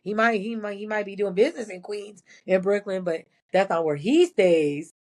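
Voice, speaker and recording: A woman's voice: medium pitch, moderate pace. A former prison nurse, a woman, telling blunt and profane stories in a casual interview.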